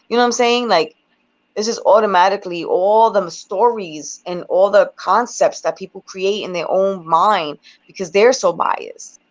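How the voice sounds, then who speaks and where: A woman's voice: mid-range voice, normal speed. A woman rapper talking bluntly and emphatically in a casual interview, with plenty of profanity. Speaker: guest rapper. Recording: dull lo-fi recording.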